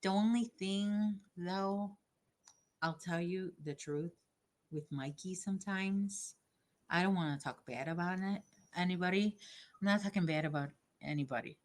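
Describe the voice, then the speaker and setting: A woman's voice: fairly low pitch, a little slow. A woman hosting a crochet livestream, chatting casually with viewers by name while she works.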